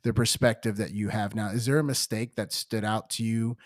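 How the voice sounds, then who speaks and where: A man's voice: on the low side, fairly even intonation, moderate pace, no echo, studio quality. A male podcast host asking rambling questions with lots of restarts in a casual interview.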